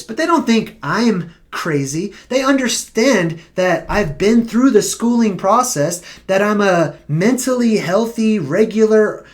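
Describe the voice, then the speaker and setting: A vlogger talking casually on a live stream, emphatic and argumentative, with rhetorical questions and a pace that slows on key points. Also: mid-range voice, lively intonation.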